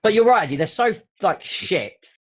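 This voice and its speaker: A man's voice: sits high, moderate pace, breathy edge, muffled recording. A man, hosting a podcast and chatting casually, telling stories with laughs and the odd swear word. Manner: animated, laughing storyteller who swears casually. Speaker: podcast host. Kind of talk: casual chat.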